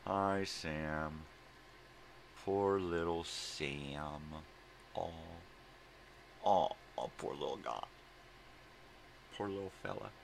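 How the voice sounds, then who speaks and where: A man's voice: low-pitched, vocal fry, a bit bright, a little hiss or hum. An older man in a casual morning vlog at home, talking fondly to his dogs in baby talk and tossing in simple Spanish words. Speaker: vlogger.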